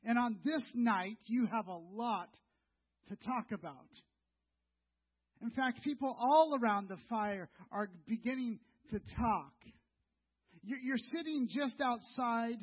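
A middle-aged male pastor with a high, husky voice preaches a sermon as a conversational story, addressing his listeners directly as "you." He takes it slowly, and the recording sounds dull and lo-fi.

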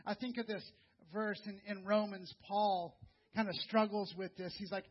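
A man preaching a sermon in a conversational, earnest way, repeating words and dropping soft and low for emphasis. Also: level tone, normal speed, slightly rough, dull audio. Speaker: pastor.

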